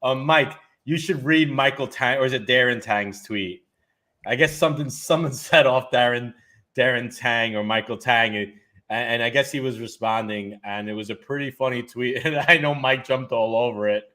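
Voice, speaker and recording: A man's voice: medium pitch, moderate pace, sharp tone. A man co-hosting a bowling podcast, playful and teasing, laughing often as he talks. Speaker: podcast co-host. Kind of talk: casual commentary.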